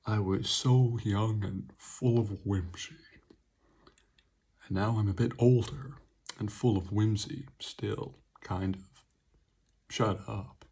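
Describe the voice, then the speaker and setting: A man's voice: fairly low pitch, fairly even intonation, takes it slowly, vocal fry, pauses often, warm tone, slightly rough. A young man reviewing an energy drink, making sarcastic, swearing asides. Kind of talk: casual product review vlog.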